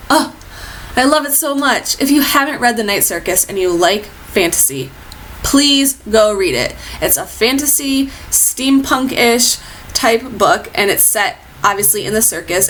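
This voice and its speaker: A woman's voice: medium pitch, fairly bright tone, slight background noise. Gushing woman chatting about books. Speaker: book reviewer. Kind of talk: casual book review chat.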